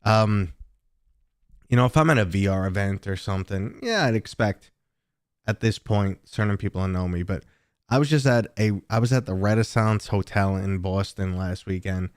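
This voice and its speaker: Low, smooth-voiced New York man. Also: normal speed, no echo, clean studio sound. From New York City. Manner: talkative, relaxed and chatty. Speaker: livestream host. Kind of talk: casual livestream chat with viewers.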